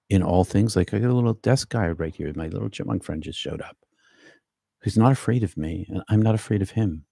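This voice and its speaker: Middle-aged Boston man as a meditation teacher on a live stream, husky and very low, calm with chatty asides. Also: no room sound, clean studio sound.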